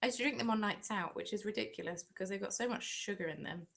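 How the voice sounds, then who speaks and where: This English woman, who hosts a craft channel, answers viewer comments during a casual live stream at home, chatty and quick to laugh at herself. Her medium-pitched voice is a bit bright, and she speaks at a quick pace.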